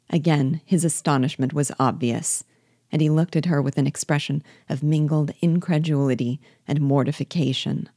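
A woman reading a classic novel aloud as a guide, measured and expressive. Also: sits low, breathy edge, no room sound, clean studio sound. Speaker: reader and guide.

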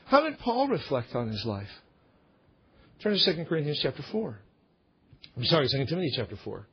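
A man's voice: fairly high pitch, big pitch swings, brisk, husky, highs cut off. A man pastor delivering an emphatic, repetitive sermon.

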